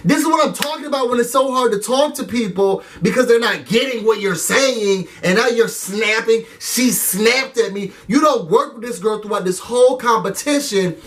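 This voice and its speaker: A high-pitched man recapping a TV show in a lively, conversational way, often turning to speak straight to his audience. He sounds somewhat distant from the microphone. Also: normal speed, hardly any pauses. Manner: animated, talks straight to viewers. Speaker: TV recap vlogger. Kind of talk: casual recap and review.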